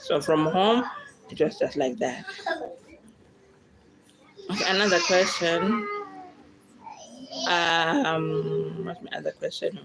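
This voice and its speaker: A woman with a Zimbabwean accent whose first language is Shona, talking in a fairly low voice. She answers viewer questions in a relaxed, chatty way and speaks straight to her audience. She laughs easily as she goes, and a faint background hiss sits under her voice. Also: slow, vocal fry, long pauses. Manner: chatty, addresses viewers directly as "guys", laughs often. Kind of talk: casual Q&A vlog chat.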